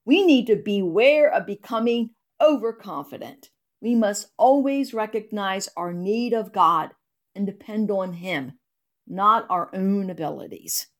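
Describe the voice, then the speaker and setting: A woman reading her own devotional blog post aloud in an earnest, expressive storytelling manner. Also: medium pitch. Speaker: ministry blog writer.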